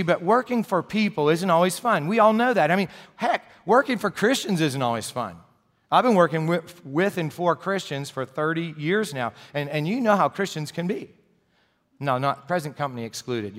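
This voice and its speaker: A man's voice: a little high, a bit bright. A middle-aged man preaching a sermon as pastor, telling stories in a chatty, joking way. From New Jersey, US. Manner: conversational storytelling with humor. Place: church sanctuary. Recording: long hall reverb.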